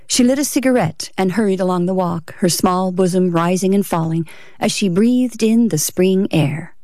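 Mellow woman narrating a story. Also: lowish voice, moderate pace, dry recording, studio quality. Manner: steady reading, varies voice for characters. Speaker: audiobook narrator. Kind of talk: scripted narration.

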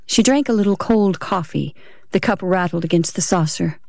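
A woman narrating a story aloud in a steady reading voice. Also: fairly low pitch, normal speed, vocal fry, no room sound, clean studio sound. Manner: steady reading, varies voice for characters. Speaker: audiobook narrator. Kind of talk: scripted narration.

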